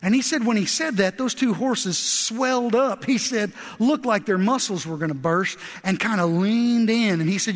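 A man preaching a sermon as pastor, telling a folksy story and building to impassioned exhortation. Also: sits high. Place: large church sanctuary. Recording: long reverb of a large church.

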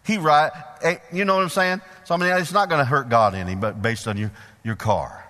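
A middle-aged male preacher giving a sermon in a church, folksy and animated, putting questions to the congregation. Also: fairly high pitch, fairly quick. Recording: long hall reverb.

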